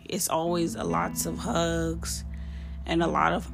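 A woman's voice: lowish voice, monotone, slow, creaky, music in the background. A woman hosting a parenting podcast, giving casual advice in an earnest, heartfelt and direct way. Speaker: podcast host.

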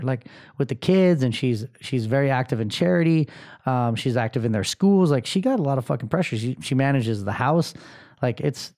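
With a warm, medium-pitched voice, a podcast host in his thirties talks bluntly through a rambling motivational monologue. He swears a lot and leans on filler words.

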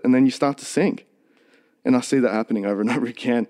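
Guy on a podcast rambling earnestly about faith and work, warm mellow tone, lots of restarts. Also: medium pitch, fast. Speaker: podcast co-host. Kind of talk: casual podcast chat.

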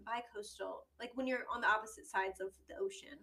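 A woman's voice: a little high, steady tone, a little fast, pushed and bright. A young woman co-hosting a podcast in casual chat, giggly and hedging with fillers. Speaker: podcast co-host.

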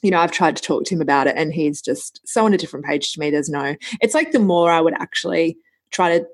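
A woman in her thirties hosts a casual podcast chat, her voice a little low and husky. She tells everyday stories in a chatty, animated way. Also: fast. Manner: chatty storytelling, laughs often. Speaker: podcast host.

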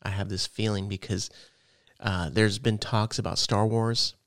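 A man's voice: on the low side, steady tone, measured pace, a bit bright, no room sound, studio quality. A man co-hosting a casual gaming podcast, rambling and loose with lots of fillers. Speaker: podcast co-host.

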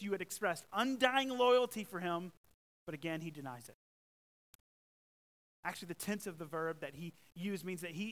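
A man preaching a sermon as pastor, emphatic and swinging from loud, stressed lines to hushed ones. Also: high-pitched, rough recording.

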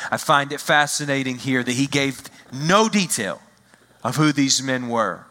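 A man preaching a sermon as a visiting pastor, expressive, acting out quoted lines and slowing down to stress key phrases. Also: mid-range voice, long reverb tail.

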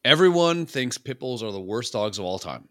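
A man's voice: medium pitch, moderate pace, dry recording, clean studio sound. A man from Southern Illinois co-hosting a podcast, bantering casually and swearing freely. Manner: lively, profane banter. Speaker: podcast co-host. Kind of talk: casual chat.

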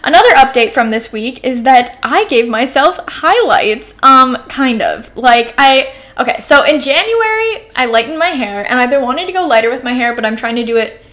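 A nineteen-year-old woman hosts her solo podcast in an upbeat, caffeinated ramble. Her voice sits a little high, and she fills her talk with "like" and "um" as she chats along. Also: expressive, normal speed, few pauses, fairly bright tone. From Oregon, US West Coast. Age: teens, about to turn twenty. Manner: chatty, rambling, heavy use of "like" and "um". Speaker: podcast host. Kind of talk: casual solo podcast chat.

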